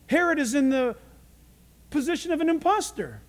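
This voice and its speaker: A man preaching a sermon as a pastor, in an animated, dramatic way. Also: very high-pitched, moderate pace, long pauses.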